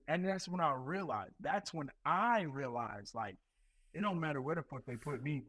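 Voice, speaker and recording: A man in his thirties, a Marine recruiting leader and podcast guest, telling stories in a profane, animated way full of repetitions. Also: fairly high pitch, normal speed, low-quality recording. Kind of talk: casual podcast chat.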